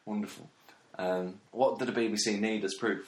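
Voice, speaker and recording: A man's voice: fairly low pitch, steady tone, normal speed. A man, trading dry, sarcastic jokes in casual banter as a podcast co-host. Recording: echoey room with faint noise.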